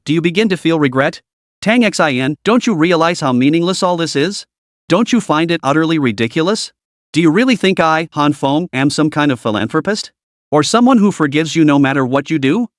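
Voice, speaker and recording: A man's voice: on the high side, dry recording, studio quality, natural voice. A man voicing a cold, vengeful young man who speaks with scorn.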